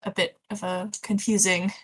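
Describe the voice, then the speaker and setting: A woman's voice: mid-range voice, level tone, moderate pace, husky, rough recording. A woman playing a tabletop game, casual and playful as she describes her character's actions. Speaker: player.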